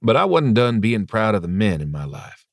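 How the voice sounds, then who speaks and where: Man, audiobook narrator, first-person novel reading, low voice, dry studio sound. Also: sing-song, normal speed, creaky, no echo.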